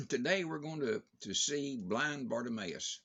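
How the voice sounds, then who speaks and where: Older man, gravelly and husky, plain spoken devotion, unhurried chatty preaching. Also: mid-range voice, lively intonation, fairly bright tone, lo-fi sound. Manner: plain, conversational, with fillers and restarts. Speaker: preacher giving a daily devotion. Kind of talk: informal Bible devotion.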